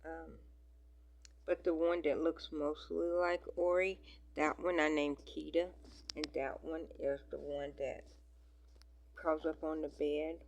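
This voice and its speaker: A woman chatting casually on her vlog, rambling with many fillers and dropping into soft whispers at times. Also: deep voice, gravelly. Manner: rambling, filler-heavy, affectionate talk. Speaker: vlogger. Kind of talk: casual chat.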